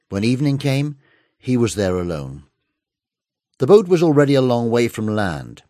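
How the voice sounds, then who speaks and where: A man narrating a Bible story in a clear, expressive storytelling manner. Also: on the low side, no room sound, studio quality.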